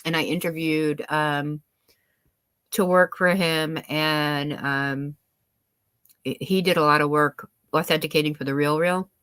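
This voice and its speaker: A woman chatting on her own live stream, rambling with a steady run of "um"s, "like"s and restarted sentences. Her voice sits a little low, her nose sounds slightly stuffy, and the sound is close and dry, with no room echo. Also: a little slow, smooth. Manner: rambling, many fillers and restarts. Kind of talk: casual chat.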